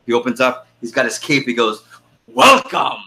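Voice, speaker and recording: Bright-voiced man telling a story on a call. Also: mid-range voice, fast. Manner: animated, laughing storyteller. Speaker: team leader on a conference call. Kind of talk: casual storytelling then call agenda.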